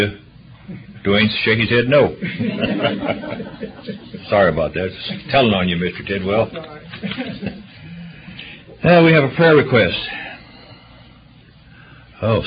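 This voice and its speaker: A man serving as church deacon, reading out prayer requests and announcements in a rambling, chatty way with frequent hesitations. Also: fairly low pitch. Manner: rambling, chatty, self-correcting with many uhs. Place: church meeting room. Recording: muffled livestream audio with faint hiss.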